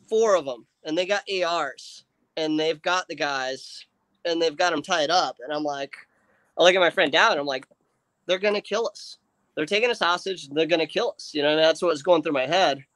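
On a livestream, a slightly high-voiced man rambles through a long, casual story, full of fillers and false starts. He gets animated doing his friends' lines, and there's no echo on the recording.

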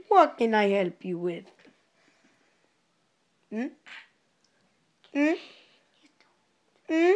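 Sassy high-voiced woman mocking customers. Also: big pitch swings, extremely slow, pauses often, a little mellow. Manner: sassy, mocking, switches between sing-song greetings and low mutters. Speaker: playing a fast-food cashier. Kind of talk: improvised comedy role-play.

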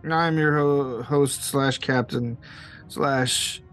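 A man voicing a drowsy, drugged male cat who captains a spaceship, speaking slowly and slurring over an intercom. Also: mid-range voice, steady tone, fairly bright tone, soft background music.

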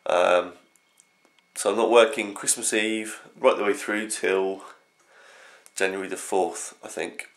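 A young man rambling through a casual early morning vlog at home, his voice groggy and croaky from just getting up. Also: lowish voice, fairly even intonation, slow. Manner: rambling, scattered. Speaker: vlogger.

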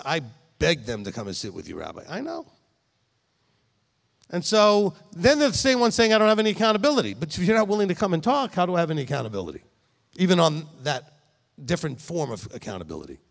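A man's voice: a little high, fairly quick, vocal fry. A middle-aged man, the rabbi who founded the congregation, giving a conversational sermon in an emphatic manner, often checking in with listeners. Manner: animated, emphatic, speaks directly to listeners with frequent "okay?". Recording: long reverb in a hall.

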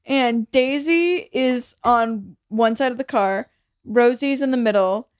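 A woman's voice: a little high, slow, smooth, no echo, clean studio sound. A young woman telling a funny story as a podcast guest, laughing a lot and acting out the people in it. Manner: storytelling with laughing fits and quoted voices. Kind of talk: casual chat.

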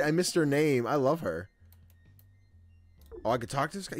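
Lively, playful young man gaming. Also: mid-range voice, normal speed, long pauses, dry recording, faint music behind. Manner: playful, chatty, frequent laughs, slangy. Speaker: gaming YouTuber. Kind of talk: casual let's-play commentary, reading game text aloud.

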